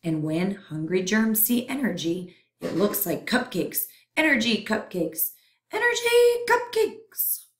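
Woman slowly reading a picture book. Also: medium pitch. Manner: playful, expressive reading for children. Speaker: storyteller. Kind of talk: picture book read-aloud. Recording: roomy echo.

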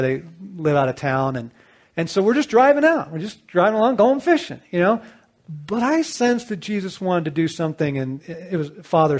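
A middle-aged man telling a personal story as a sermon, swinging between loud bursts and hushed low lines. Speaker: Christian author and speaker.

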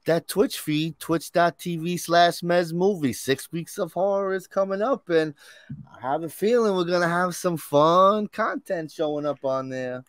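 A man's voice: high-pitched, a little slow, no room sound. A man co-hosting a casual pop-culture podcast, playful and teasing, laughing often. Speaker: podcast co-host. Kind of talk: casual chat.

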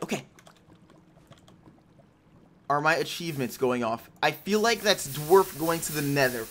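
A man's voice: fairly high pitch, lively intonation, unhurried, pauses often, fairly bright tone, slight background noise. A young man commentating his own game as he plays, chatting to himself and to viewers and teasing the other players. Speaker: gaming YouTuber. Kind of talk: live gameplay commentary.

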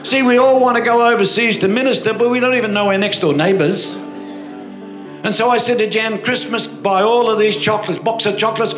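With an echoey hall and music behind him, an older pastor from Australia tells stories in his sermon. His voice sits high at a moderate pace, and he stays animated, prompting the crowd for amens.

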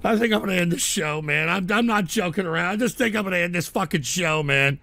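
High, gravelly man ranting on air. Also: fast talker. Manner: exasperated, profane, swings between yelling and weary muttering. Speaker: streamer hosting a comedy radio show. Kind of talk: comedic on-air meltdown rant.

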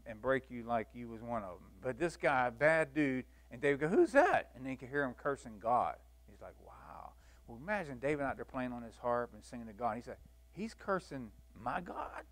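A man teaching a church Bible lesson in a folksy, animated way, acting out the scenes he tells. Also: mid-range voice, a little fast. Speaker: Sunday school teacher.

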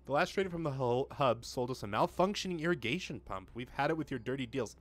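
A man's voice: medium pitch, animated, fast, few pauses. A young man casually narrating his gameplay at a home mic, reading dialogue aloud and joking at himself, swearing now and then. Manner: chatty, self-mocking, swears when frustrated. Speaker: let's play gamer. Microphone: home desk mic with pop filter.

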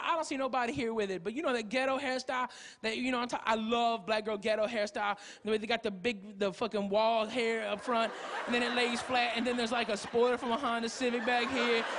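High-voiced male comedian, loud and profane. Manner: loud, profane, storytelling with shouts. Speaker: stand-up comedian. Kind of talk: stand-up comedy set. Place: comedy club stage. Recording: live club with audience noise.

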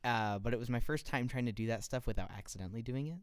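A man's voice: mid-range voice, fast talker, clean tone, dry recording, studio quality. A man co-hosting a podcast in casual chat, jokey and playful, telling stories animatedly. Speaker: podcast co-host.

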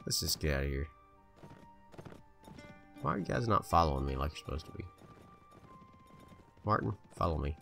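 A man casually commentating his own strategy game play, chatty and indecisive, bossing his troops around out loud. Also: rumbling low, very animated, moderate pace, creaky, pauses often, faint music behind. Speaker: gameplay video host.

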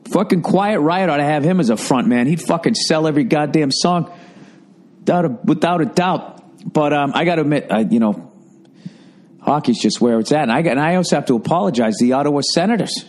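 A middle-aged man, hosting a podcast in a casual, profane, exasperated rant that mocks fans in squeaky voices. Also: a little mellow. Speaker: podcast host. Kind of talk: casual ranting monologue.

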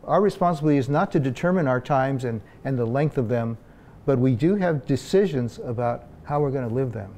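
Male pastor, warm low-toned voice, unscripted sermon delivery, restarts and "uh"s throughout. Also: expressive, fairly quick, a little hiss or hum. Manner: conversational preaching with frequent fillers and restarts.

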